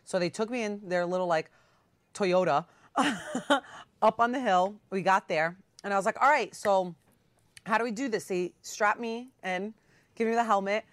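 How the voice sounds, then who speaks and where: A woman's voice: mid-range voice, moderate pace, dry recording. Casual woman, dry close sound. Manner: animated storyteller who acts out quotes and swears casually. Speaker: podcast co-host. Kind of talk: casual chat.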